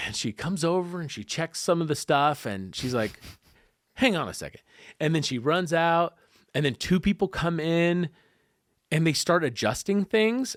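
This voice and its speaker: A man telling a personal story in a casual podcast conversation, animated and acting out the voices of the people involved. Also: mid-range voice, dry recording, clean studio sound. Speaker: guest.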